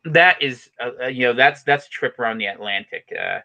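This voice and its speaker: Fast-talking podcast host, bright voice. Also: male voice, mid-range voice, huge pitch swings, vocal fry, muffled recording. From western United States. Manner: fast-talking, rambling with restarts. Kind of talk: casual chat.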